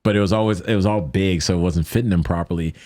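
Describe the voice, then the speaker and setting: A deep-voiced man from the United States, speaking as a guest on a podcast. He tells his story in an animated way and keeps slipping into the voices of the people he is quoting. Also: fast talker, no echo, clean studio sound. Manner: animated retelling that acts out quoted voices.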